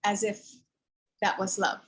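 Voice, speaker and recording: A woman author speaks candidly and emphatically about her children's book in a mid-range, level voice at normal speed, on a rough recording. She acts out what other people said and swears when she gets heated.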